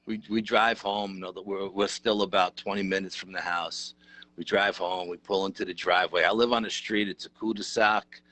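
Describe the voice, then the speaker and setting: A middle-aged man, telling a story as an interview guest in a lively, casual, rough-edged way. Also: low voice, normal speed, dry recording. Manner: animated, conversational, rough-edged. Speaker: interview guest, paranormal researcher.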